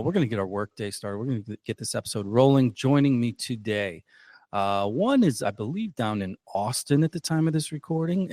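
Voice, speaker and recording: A man's voice: mid-range voice, a little mellow, no echo. A man hosting a casual podcast, rambling and self-deprecating, with lots of fillers and restarts. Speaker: podcast host.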